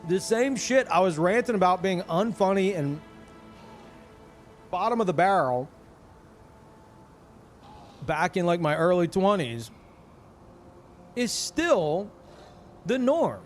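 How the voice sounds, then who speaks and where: Male streamer, fairly high voice, swears constantly and rants with animated energy; faint music playing underneath. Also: slow, long pauses. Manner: ranting, profane, animated. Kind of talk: casual live-stream chat.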